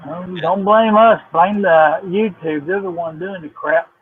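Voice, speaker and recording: A man's voice: sits high, a little slow, breathy edge, narrow, tinny audio. A man co-hosting a livestream, giving brief, dry replies in casual chat. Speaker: livestream co-host.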